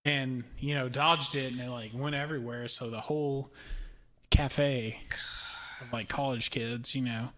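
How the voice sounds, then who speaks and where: A man's voice: mid-range voice, a little slow. A young man co-hosting a podcast, telling a story in casual chat, swearing freely and acting out the people in it. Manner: animated storyteller, acts out quoted people, swears freely, laughs often. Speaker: podcast co-host.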